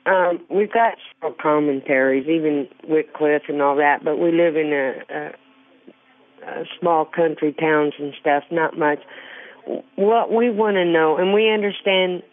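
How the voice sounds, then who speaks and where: A woman from rural Illinois calling a radio show with an earnest, halting question, often repeating herself. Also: low-pitched. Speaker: caller. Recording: tinny phone line.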